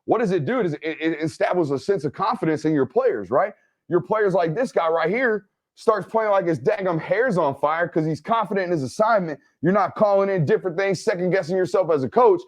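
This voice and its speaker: A man hosting an energetic game film breakdown. He keeps checking in with "right?" and "okay?". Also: sits high, brisk. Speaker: football film analyst and host.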